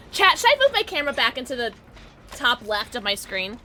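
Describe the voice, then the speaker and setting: A young woman live-streaming a game, giggly and excitable, chatting with her viewers and squealing at the game. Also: fairly high pitch, a little hiss or hum.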